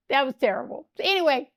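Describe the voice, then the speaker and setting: An older woman, a guest in an interview, telling animated stories and acting out the voices of the people in them, often breaking into laughter. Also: high voice, dry recording, studio quality. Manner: animated anecdotes, laughs often, acts out quotes. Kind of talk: storytelling interview.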